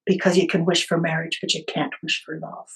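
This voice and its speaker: A woman voicing a grumpy, small male leprechaun who guards his tree and scolds in a gruff, folksy way. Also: deep voice, flat delivery, a little fast. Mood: scolding.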